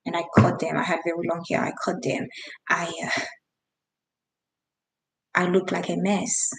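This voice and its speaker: A woman's voice: fairly low pitch, monotone, a little slow, creaky, roomy sound, rough recording. A woman from Haiti, in her thirties, telling a personal story in an earnest, emphatic way, with restarts and non-native grammar. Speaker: vlogger.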